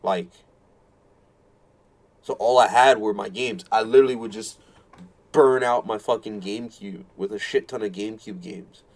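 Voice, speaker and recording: A man's voice: on the low side, normal speed, long pauses. Casting: male streamer, late 20s, profane self-mocking rambler, casual live chat. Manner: keeps repeating himself in exasperation. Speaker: fighting game streamer.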